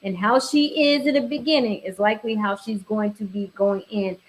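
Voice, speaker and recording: A woman's voice: mid-range voice, steady tone, moderate pace. A woman appearing as a guest, giving blunt and assertive advice during a casual discussion.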